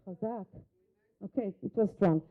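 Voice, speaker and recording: A woman's voice: mid-range voice, moderate pace, phone-quality sound. A woman whose first language is Hebrew leads a live workshop demonstration. She coaches a volunteer with short instructions and questions. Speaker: workshop facilitator. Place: conference hall.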